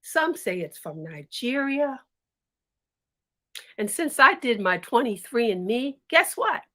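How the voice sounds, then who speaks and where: Expressive high-voiced woman storyteller. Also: slow. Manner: expressive, animated, sing-song. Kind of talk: storytelling for listeners.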